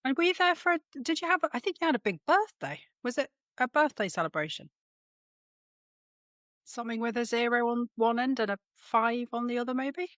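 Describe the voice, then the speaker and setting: Teasing chatty woman, slightly high voice. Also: expressive, fairly quick, a bit bright, dry recording, highs cut off. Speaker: podcast co-host, former MP. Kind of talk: casual chat.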